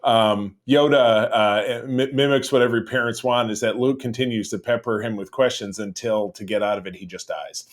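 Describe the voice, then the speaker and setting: A man's voice: mid-range voice, moderate pace, hardly any pauses. A man co-hosting a casual podcast chat, jokey and acting out quotes as he talks. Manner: animated, jokey, acts out quotes. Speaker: podcast co-host.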